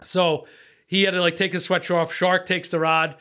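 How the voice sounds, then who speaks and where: A middle-aged man with a slightly high voice tells a fishing story as a podcast guest. He talks like a boat captain, swears freely and acts out his own lines from the day. The telling is tense and excited, broken up by laughs. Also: moderate pace. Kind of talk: animated storytelling in casual chat.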